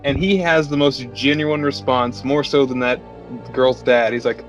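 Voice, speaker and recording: A man co-hosting a casual movie podcast chat, swearing freely and retelling scenes with animated quoted lines. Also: medium pitch, a little slow, faint music behind. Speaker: podcast co-host.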